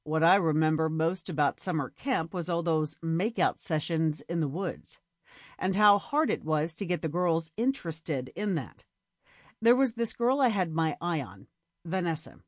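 A low, smooth-talking charmer flirts in a storybook romance, as a woman narrator puts him on. His voice sits well below her own, teasing and slow. The sound is close and dry, with no room around it. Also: dry recording. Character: flirtatious man, deep-voiced outdoorsy charmer.

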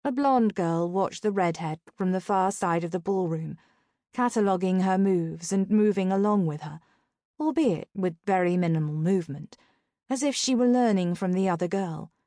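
A woman narrating a first-person novel in a deadpan way, including the narrator's own lines. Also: fairly low pitch, moderate pace, no room sound, studio quality. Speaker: audiobook narrator.

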